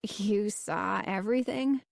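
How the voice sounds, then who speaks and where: A woman voicing an uneasy, reluctant boy in a spooky storybook audiobook, reading slowly and hesitantly. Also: medium pitch, gravelly, dry recording, studio quality. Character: twelve-year-old boy, nervous and reluctant.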